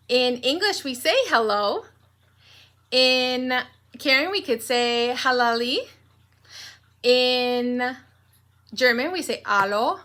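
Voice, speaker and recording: A young woman teaching a pre-K morning meeting, talking gently and in a sing-song way to small children. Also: high-pitched. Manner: slow, gentle and sing-song, breaking into cheerful songs.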